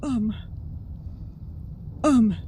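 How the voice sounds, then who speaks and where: A woman's voice: a little high, drawn-out words, background noise. A woman hosting a horror game playthrough, reacting nervously and talking to herself as she plays. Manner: jumpy, nervous, talks to herself. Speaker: gaming channel host.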